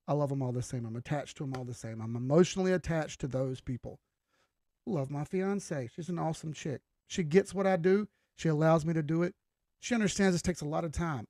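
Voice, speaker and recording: A man's voice: a little high, darkish tone, dry recording. A young man hosting a crypto trading livestream, giving an emphatic, preachy, blunt pep talk with casual swearing.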